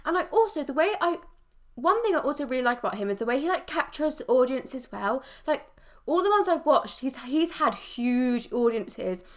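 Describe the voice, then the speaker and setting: A woman's voice: sits high, animated, moderate pace. A young woman hosting a reaction video, chatting casually and filling her speech with "like". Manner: chatty, heavy use of filler "like". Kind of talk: casual chat.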